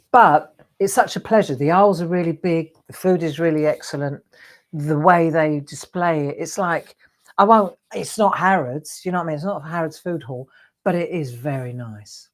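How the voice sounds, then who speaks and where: Older woman, lower voice, chatty craft livestream host. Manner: chatty, rambling, reads out viewer comments. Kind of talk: casual livestream chat with viewers.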